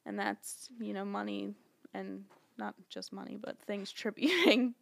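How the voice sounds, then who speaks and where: A woman's voice: medium pitch, a little slow, gravelly. A young woman co-hosting a podcast in casual chat, chatty and giggly, rambling with plenty of fillers. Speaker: podcast co-host.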